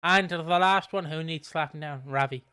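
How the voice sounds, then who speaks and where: British man, podcast co-host, slightly high, smooth and clear voice, dry close sound, joking and laid-back. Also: moderate pace, sharp tone, dry recording. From Britain. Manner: joking, laid-back presenter with filler ums. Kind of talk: casual podcast chat.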